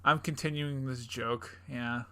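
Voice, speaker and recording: A man's voice: mid-range voice, fairly even intonation, a little slow, a bit bright, smooth. A young man co-hosting a podcast in casual chat, jokey and rambling, laughing often. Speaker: podcast co-host.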